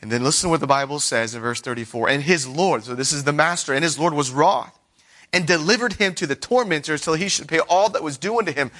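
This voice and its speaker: A man's voice: on the high side, fast, fairly bright tone. A man preaching an earnest sermon, reading scripture aloud and acting out the voices of the people he quotes.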